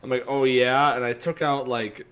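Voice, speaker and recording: Young dude podcasting, rambly and sweary, average pitch. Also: male voice, flat delivery, moderate pace, a bit bright. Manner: rambling, swearing, laughing storyteller. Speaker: podcast co-host. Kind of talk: casual chat.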